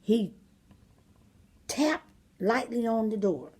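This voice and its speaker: A woman reading a storybook aloud for children, expressive and asking the listener questions. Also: fairly high pitch, slow, husky.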